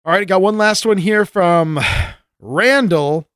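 A man's voice: high-pitched, takes it slowly, clear, resonant tone, dry recording, studio quality. A man co-hosting a podcast, reading listener mail aloud in casual banter and laughing often. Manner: jokey, laughs often, lively delivery. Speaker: podcast co-host.

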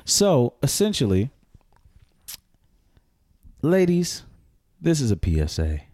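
A man's voice: mid-range voice, huge pitch swings, takes it slowly, darkish tone, slight background noise. A man in his thirties telling frank, joking stories in casual podcast chat, and asking to be allowed to finish. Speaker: podcast co-host.

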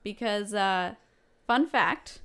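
A woman's voice: medium pitch, takes it slowly, a bit bright, smooth. A young Canadian woman with a Canadian accent, co-hosting a casual chat podcast in an upbeat, chatty way. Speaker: podcast co-host.

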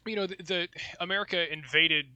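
Bright-voiced casual male co-host. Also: sits high, a little fast, smooth, dull audio. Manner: loose and rambling, with restarts and swearing. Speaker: podcast co-host. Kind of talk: casual discussion of poetry.

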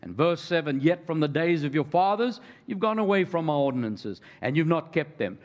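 Higher-voiced man preaching a sermon. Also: lively intonation, normal speed, hardly any pauses, a little mellow. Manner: preaching with rising emphasis, calls to the congregation. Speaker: pastor.

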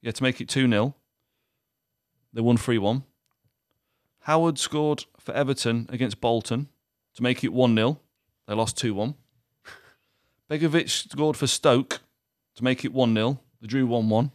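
A young man hosts a laid-back podcast chat, ribbing his co-host and laughing often. His voice sits at an average pitch and sounds close and dry, with no room around it. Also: unhurried, a little mellow, no room sound. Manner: teasing, laughing, swearing. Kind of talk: casual banter.

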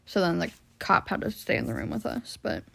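A woman's voice: on the low side, huge pitch swings, brisk, creaky, bright, forceful tone. A young woman on a podcast, telling a story casually, full of "like" and swearing. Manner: rambling storytelling with lots of "like" and swearing. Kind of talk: casual chat.

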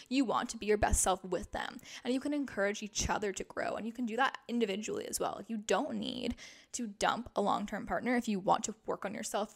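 A young woman hosting a podcast, talking in a chatty, emphatic way, full of "like" fillers. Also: mid-range voice. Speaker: podcast host. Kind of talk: casual podcast monologue.

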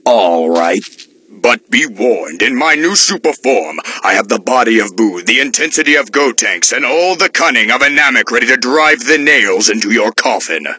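Gloating anime demon villain. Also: male voice, medium pitch, animated, normal speed, sharp tone. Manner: taunting and boastful. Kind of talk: anime dub acting.

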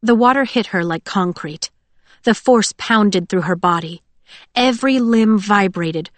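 A woman narrating a novel in a steady, even storytelling voice. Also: mid-range voice, dry recording. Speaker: audiobook narrator. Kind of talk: scripted narration.

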